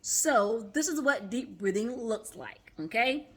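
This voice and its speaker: A woman therapist talks viewers through a calm breathing routine in a relaxed, conversational way. Her voice is bright and clear, and she often pauses to check in with a quick "okay?" She demonstrates the breaths herself as she explains. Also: on the high side. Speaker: therapist and mindfulness coach. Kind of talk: casual instructional vlog.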